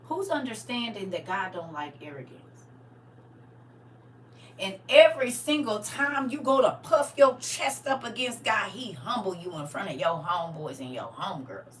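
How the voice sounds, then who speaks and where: A woman's voice: medium pitch, expressive, moderate pace, recorded from a distance, a little hiss or hum. A woman, preaching casually and animatedly, acting out little scenes as she talks.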